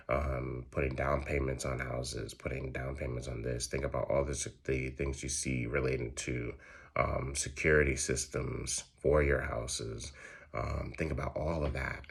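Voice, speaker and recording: A man's voice: extremely low pitch, measured pace, gravelly, slightly rough. A man giving a casual astrology chart reading, profane and slangy. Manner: profane, slangy, animated storytelling. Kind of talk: casual solo explainer.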